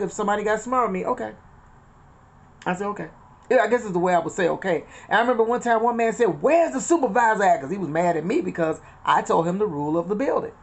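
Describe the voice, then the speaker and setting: A middle-aged woman hosting a casual spiritual talk, chatty and full of retold conversations and scripture. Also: medium pitch. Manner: chatty, repeats phrases, quotes scripture and retells conversations. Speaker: inspirational channel host.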